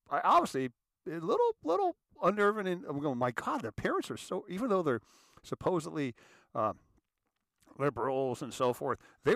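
A man's voice: on the high side, fairly bright tone, dry recording, clean studio sound. A man hosting his own show, talking in a loose, rambling monologue full of restarts and repeated words. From United States. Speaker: show host. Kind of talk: casual monologue.

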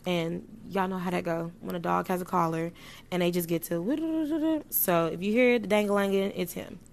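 Woman vlogging to camera, blunt n playful, lots of slang n swearing, gets loud then soft. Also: lowish voice, moderate pace, gravelly, a little hiss or hum. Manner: animated, sudden jumps in loudness. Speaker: vlogger giving sex advice. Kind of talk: casual chat to camera.

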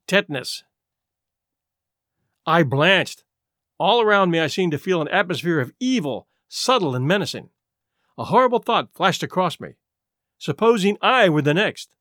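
A man narrating a classic detective story in the first person. His reading is animated and expressive, with a fairly high pitch for a man, and the recording is dry and close. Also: normal speed, no echo. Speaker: audiobook narrator.

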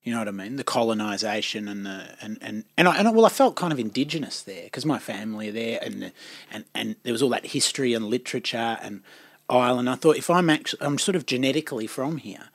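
A man's voice: mid-range voice, animated, fast, gravelly, dry recording. A man, co-hosting a casual chat and reflecting thoughtfully, often repeating words as he searches for them. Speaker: podcast co-host.

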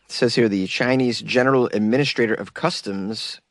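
A man's voice: mid-range voice, brisk, no echo. Irreverent male comedy podcast host, rambling riffs, dry close sound. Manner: irreverent, rambling, laughs at own jokes. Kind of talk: comedic news commentary.

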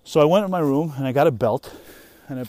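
A young father who vlogs talks casually while walking through the woods, his voice a little high, fast, and darkish in tone. He rambles, swears a lot, and keeps trailing off and restarting.

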